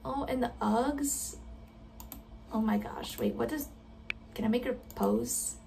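Gamer girl, kinda high voice, laid back slow chatter, giggly and self-deprecating, mic a bit far off. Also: vocal fry, dark tone, slight background noise. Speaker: gamer reacting to a game. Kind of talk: casual gameplay commentary.

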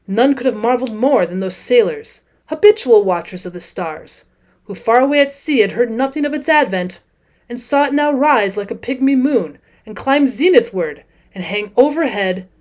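A woman teacher narrating a classic short story as an audiobook, with measured, expressive pacing and dramatic pauses. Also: on the high side. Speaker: teacher reading aloud.

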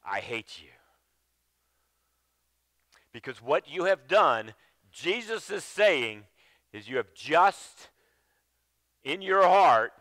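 Slow, bright-voiced preaching man. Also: sing-song, no echo. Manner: emphatic preaching with sudden drops to a low, quiet voice; repeats phrases and restarts mid-sentence. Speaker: pastor. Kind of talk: sermon. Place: church sanctuary.

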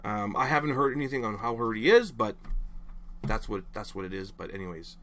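A man's voice: on the low side, animated, fairly quick, fairly bright tone. A young man ranting casually to camera as a frustrated hockey fan, rambling and exasperated, apologizing after his outbursts.

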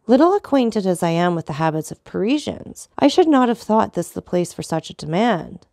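A woman voicing a calm, commanding aristocratic man who stays coldly polite. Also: mid-range voice, creaky, dry recording, clean studio sound. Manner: calm, measured, dignified.

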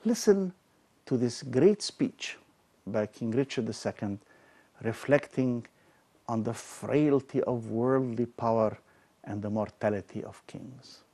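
Slow, measured male lecturer. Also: medium pitch, dark tone. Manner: slow, measured, emphatic delivery. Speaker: lecturer on Shakespeare. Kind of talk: scripted literary talk.

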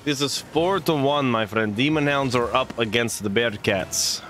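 A man's voice: mid-range voice, unhurried, a bit bright, soft background music, natural voice. A man doing a put-on Russian accent as a boastful male esports caster, speaking stiffly and formally without contractions. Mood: excited. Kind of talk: live esports commentary.

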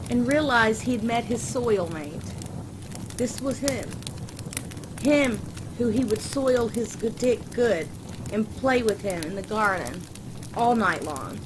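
A woman reading a crude comic fan story aloud in a deadpan, unhurried way. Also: mid-range voice. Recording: noisy background ambience.

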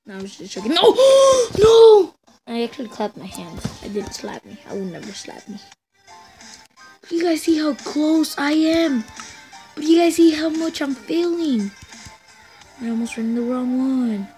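A woman's voice: high-pitched, moderate pace, dark tone, soft background music. A young woman giving frustrated gameplay commentary, shrieking and groaning as she talks to her viewers. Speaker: gaming channel host.

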